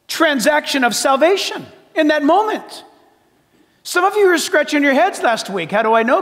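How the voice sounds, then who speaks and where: An older man preaching a sermon as pastor, emphatic and shouting at times, then dropping to soft asides. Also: extremely high pitch, in a large hall.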